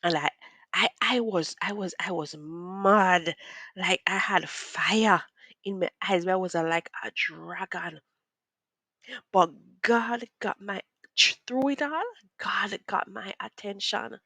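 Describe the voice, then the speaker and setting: A woman's voice: mid-range voice, slow pace, bright, forceful tone, no echo. Earnest woman, dry close voice. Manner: earnest, repeats words, drifts into preachy church-style asides. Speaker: vlogger telling a personal story. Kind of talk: emotional storytime monologue.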